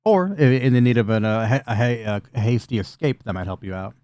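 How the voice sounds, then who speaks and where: A man's voice: medium pitch, darkish tone, no echo. A man narrating as dungeon master, describing scenes in a loose, chatty way over a video call. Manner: loose, chatty narration with quick voiced asides.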